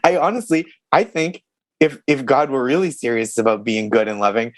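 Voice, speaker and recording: A comedian guest trading quick wry jokes in podcast banter. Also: male voice, mid-range voice.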